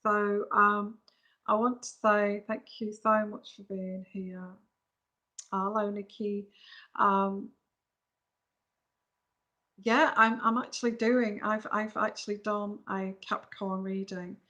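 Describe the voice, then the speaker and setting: Brief: woman, tarot reader, frank and emphatic, clear bright tone, talking into a phone. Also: medium pitch, flat delivery, takes it slowly, pauses often. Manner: frank, emphatic, talks straight to viewers. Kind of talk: live stream advice chat.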